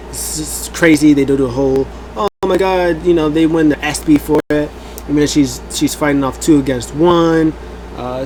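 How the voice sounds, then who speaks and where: A rough recording with a bit of background noise captures a man's mid-range voice. Hosting a review show, he gives a loose, animated wrestling recap that rambles, leans on fillers, and dramatizes what people said.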